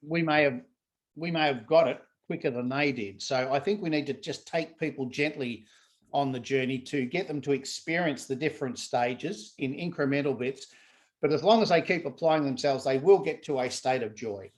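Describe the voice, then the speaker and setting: A man who works as a laughter yoga trainer, talking as a guest in a casual conversation in an animated way and acting out what people say. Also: mid-range voice, moderate pace.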